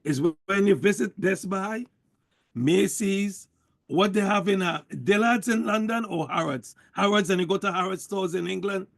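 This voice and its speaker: A man delivers a motivational sales pep talk in a high, gravelly voice. He is preachy and emphatic and hammers the same points again and again. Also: normal speed. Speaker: network marketing speaker.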